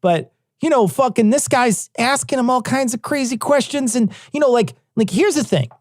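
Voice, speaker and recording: A man's voice: very high voice, lively intonation, moderate pace, no room sound, studio quality. A man co-hosting a podcast, ranting heatedly with lots of swearing. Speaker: podcast co-host. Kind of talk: casual podcast chat.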